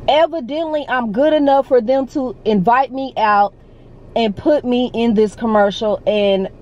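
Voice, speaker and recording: A woman, chatting excitedly and emotionally in a casual vlog, filmed on a phone held in her hand. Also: fairly high pitch, unhurried, dull audio. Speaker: vlogger. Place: store, then parked car.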